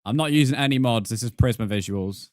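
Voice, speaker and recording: A man's voice: mid-range voice, a little fast, darkish tone, dry recording. Chatty man streaming. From England. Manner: rambling, chatty, reads and answers viewer comments. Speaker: game streamer. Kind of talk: casual live-stream chat.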